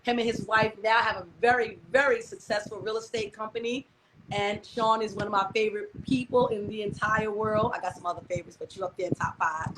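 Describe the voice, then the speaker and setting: A woman's voice: mid-range voice, fairly even intonation, fairly quick. A woman hosting a live-stream talk show, chatting candidly and freely with plenty of "um" and "you know". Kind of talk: casual live-stream chat. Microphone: computer mic on a live video stream. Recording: noisy stream audio.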